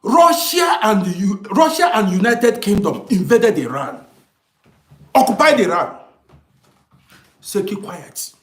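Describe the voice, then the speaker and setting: A man's voice: sits high, very animated, a little slow, roomy sound. A man lecturing his live viewers in a heated, emphatic, repetitive way. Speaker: live streamer reading comments.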